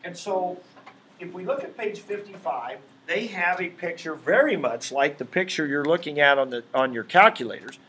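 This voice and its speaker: A man's voice: on the high side, expressive, normal speed, pushed and bright. Male math teacher in an echoey classroom. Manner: keeps checking in with students by asking "right?"; patient and repetitive, walking through steps. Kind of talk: classroom lecture. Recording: echoey classroom with faint background noise.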